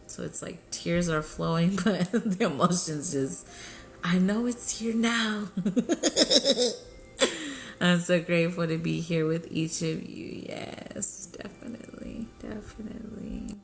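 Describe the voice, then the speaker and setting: A woman hosting a live spiritual healing session, chanting in light language and then talking softly and emotionally, often laughing. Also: lowish voice, soft background music. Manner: soft, unhurried and tearfully emotional, often laughing.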